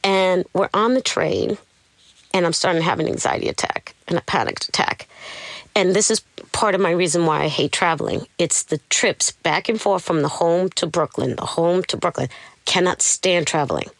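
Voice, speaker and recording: A woman's voice: fairly low pitch, normal speed, no echo. A woman being interviewed, telling her life story candidly and with animation. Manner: candid, animated, tells her story acting out what others said. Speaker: interview guest. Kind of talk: personal storytelling.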